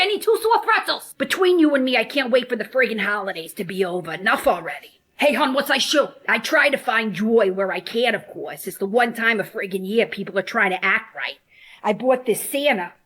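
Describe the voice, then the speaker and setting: A woman's voice: fairly high pitch, a bit bright. A woman playing a brassy, gossipy snack-bar worker at a bowling alley in a comedy sketch, calling everyone hun.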